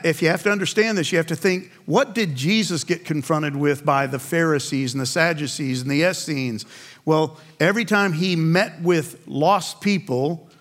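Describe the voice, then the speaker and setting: A man's voice: on the high side, a bit bright. A man preaching a sermon. He keeps asking the congregation questions and answering them himself, and he acts out the voices in the story. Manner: acts out biblical voices in quotes. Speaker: pastor.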